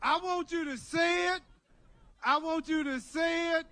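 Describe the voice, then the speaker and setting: A man's voice: very high-pitched, fairly even intonation, a little slow, bright, forceful tone. An older man speaking at an outdoor rally, leading a preacher-style call-and-response. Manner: preacherly, rousing, repetitive.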